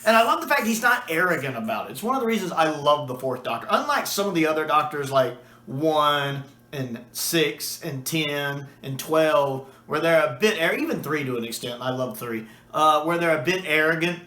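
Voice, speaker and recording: A man's voice: a little high, animated, normal speed, few pauses, sharp tone, echoey room. A man chatting casually and enthusiastically as a video reviewer, with a few restarts and fillers. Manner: enthusiastic, acts out quoted lines.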